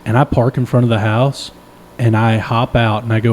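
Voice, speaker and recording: With a little hiss or hum in the audio, a young man speaks at a moderate pace in a mid-range voice as he co-hosts a podcast. His long, rambling, profanity-filled anecdote is casual and self-deprecating, delivered with animation and frequent laughter.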